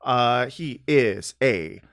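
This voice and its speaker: A man's voice: medium pitch, animated, very slow, fairly bright tone, no room sound. Man, podcast host, casual chat, joking, rambling, dry sound. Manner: joking, rambling, drops into a mock New York voice.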